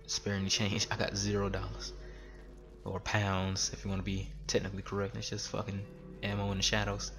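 A man's voice: lowish voice, monotone, fairly quick, over music. A man in his twenties ranting with heavy swearing while commenting on his gameplay. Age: 20s. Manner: profane, exasperated ranting. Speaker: gaming streamer.

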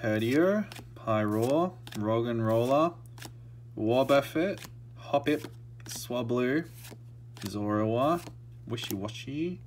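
Slow-talking man with quiet commentary. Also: medium pitch, a little hiss or hum. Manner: murmured running commentary that bursts into shouting and laughter. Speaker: card-opening vlogger. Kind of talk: casual commentary while opening card packs.

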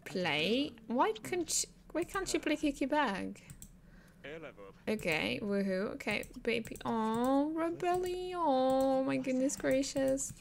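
A woman's voice: high-pitched, lively intonation, slow pace, gravelly. A woman giving casual gameplay commentary, chatting to the characters on screen and laughing often.

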